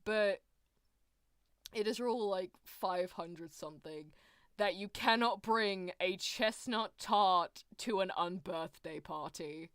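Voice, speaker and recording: A woman's voice: mid-range voice, slow, fairly bright tone, smooth, no room sound, studio quality. A woman streamer giving casual, giggly watchalong commentary and asking her chat questions.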